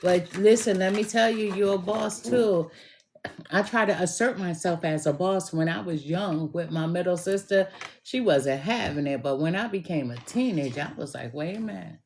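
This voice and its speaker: A woman tarot reader chatting casually with viewers on a live stream, slangy and quick to laugh. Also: on the low side, darkish tone, slight background noise.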